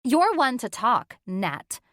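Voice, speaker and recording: A woman's voice: fairly high pitch, lively intonation, moderate pace, no echo, clean studio sound, voice pushed up, natural voice. A woman putting on a smug, catty woman friend. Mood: teasing.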